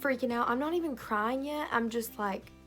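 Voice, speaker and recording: A woman's voice: on the high side, normal speed, a bit bright, faint music behind. A young woman telling a personal story in a casual vlog, with many fillers and quoted voices, filmed on a phone. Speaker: vlogger.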